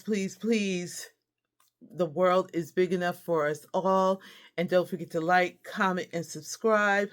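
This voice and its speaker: A woman hosting a casual haul vlog, chatty and friendly, calling viewers y'all and laughing as she shows her finds. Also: lowish voice. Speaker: host.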